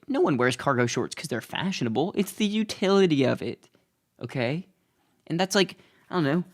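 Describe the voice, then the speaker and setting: A young man hosting his own show, talking in a casual, rambling, self-deprecating comedic monologue. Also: medium pitch. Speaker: host.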